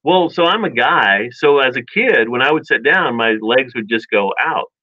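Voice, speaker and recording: A man casually telling childhood stories in a rambling, animated way, with many restarts and chuckles. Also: medium pitch, moderate pace, no echo. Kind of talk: casual storytelling chat. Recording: dull dry lo-fi sound.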